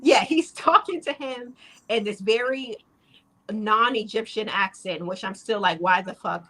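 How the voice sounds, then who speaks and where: A woman co-hosting a casual show recap, retelling scenes in an animated way and acting out the characters' lines. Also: medium pitch, measured pace, poor audio. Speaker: podcast co-host.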